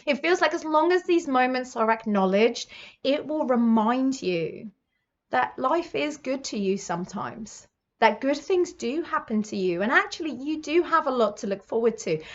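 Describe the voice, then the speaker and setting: A British woman in her thirties reads tarot, her voice pitched a touch high and gushing with encouragement. She leans on fillers as she reassures the listener. The sound is a little dull and lo-fi. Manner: warm, effusive, reassuring, with many fillers. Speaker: psychic tarot reader. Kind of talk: monthly tarot reading to camera.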